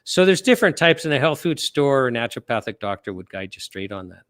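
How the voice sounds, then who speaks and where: A man's voice: medium pitch, sing-song, fast, no room sound, clean studio sound. A man who is a guest on a live stream, talking casually with hesitations and self-corrections.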